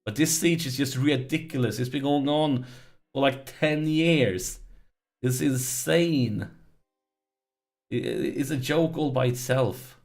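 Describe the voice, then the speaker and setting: A man's voice: medium pitch, slow, a little mellow, soft background music. A man commenting on his strategy game as he plays, pleading with it and groaning when it goes wrong. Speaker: let's play host.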